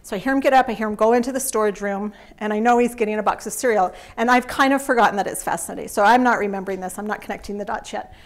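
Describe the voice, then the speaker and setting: A middle-aged woman giving a live parenting workshop, telling stories in an animated way and laughing often. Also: medium pitch, racing, few pauses. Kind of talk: live talk to an audience.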